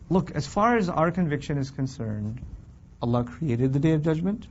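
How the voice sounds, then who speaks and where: A man with a somewhat high-pitched voice teaches a scripture class in a lively, conversational way. He keeps asking his listeners questions and acts out their complaints. The recording sounds dull and lo-fi. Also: normal speed. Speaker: Quran teacher.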